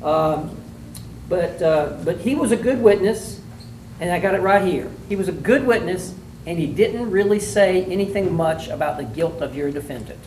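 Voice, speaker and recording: A man's voice: sits high, moderate pace. Folksy man giving blunt courtroom critique. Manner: folksy, blunt, joking, animated coaching. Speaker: judge critiquing mock trial students. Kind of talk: spoken critique to students. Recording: echoey room, mic far off, faint noise.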